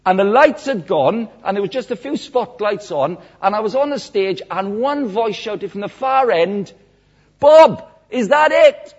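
Male preacher, husky, storytelling with big acted swings; muffled lo-fi sermon recording. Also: normal speed, few pauses. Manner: animated storytelling, acts out quotes with big swings in pitch and loudness.

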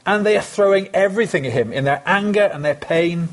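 A man's voice: sits high, fairly quick. A man preaching a sermon, earnest and emphatic, repeating phrases for stress.

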